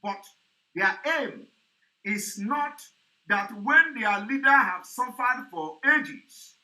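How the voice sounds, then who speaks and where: Male commentator, high and tense, mocking and repetitive. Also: expressive, slow pace, sharp tone, poor audio. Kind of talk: commentary vlog.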